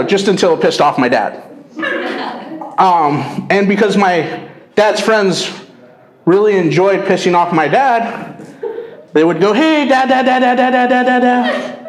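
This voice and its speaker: A man performing a stand-up comedy set, animated, landing dry punchlines and slipping into quick quoted voices. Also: sits high. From Mexican-American family. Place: comedy club stage with a live audience. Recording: roomy club sound with crowd laughter.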